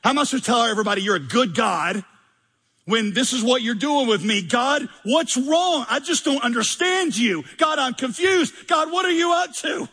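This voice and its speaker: Man doing a higher, whiny, entitled churchgoer bossing God around, husky voice, hall echo. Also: lively intonation, fast talker, sharp tone, exaggerated voice. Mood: whiny exasperated. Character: self-centered demanding churchgoer praying to God, man.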